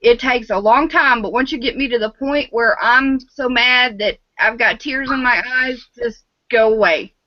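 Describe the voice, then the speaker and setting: A woman's voice: on the high side, moderate pace, few pauses, dry recording. A middle-aged woman talking frankly and animatedly, laughing often, in a casual group chat. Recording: dull, dry sound.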